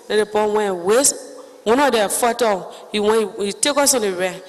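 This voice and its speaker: A woman with a Liberian English accent giving spoken testimony in halting, broken phrases, acting out other people's words as she goes. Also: mid-range voice, big-room sound, low-quality recording.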